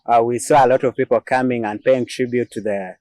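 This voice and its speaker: A man's voice: mid-range voice, fairly even intonation, a little fast, darkish tone, no room sound. A man from Uganda with a Ugandan English accent, hosting a casual news commentary show in a chatty, joking way with frequent laughs. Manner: chatty and joking, laughs often, many fillers. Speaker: host.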